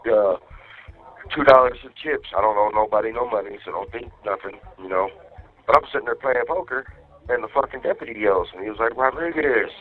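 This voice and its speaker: A man on a phone call to his wife, telling stories in a loose, profane way and acting out what other people said. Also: lowish voice. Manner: profane, animated storytelling, acting out others' lines. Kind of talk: casual phone chat. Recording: tinny phone line.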